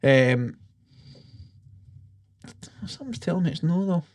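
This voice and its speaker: A man's voice: fairly high pitch, expressive, measured pace, darkish tone, dry recording, clean studio sound. A Scottish man co-hosting a combat sports podcast, chatting casually and rambling through his points. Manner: rambling, restarts with "um" and "aye". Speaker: podcast co-host. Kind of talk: casual chat.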